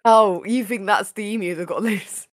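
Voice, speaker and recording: A woman hosting a casual podcast, chatty and playful, her voice a little raspy today. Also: mid-range voice, fairly even intonation, normal speed, no echo, studio quality. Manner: chatty, playful, laughs often. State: slightly raspy voice. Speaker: podcast host.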